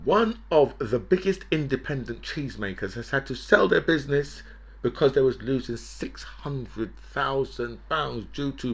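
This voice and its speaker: A man's voice: mid-range voice, pushed and bright, slightly rough. A man hosting a political commentary show, ranting in a mocking, profane, gloating way.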